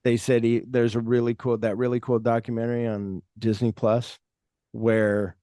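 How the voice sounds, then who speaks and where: A man's voice: medium pitch, flat delivery, moderate pace, dark tone, dry recording, clean studio sound. A man hosting a podcast, rambling through casual film talk, acting out quotes and swearing freely. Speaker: podcast host.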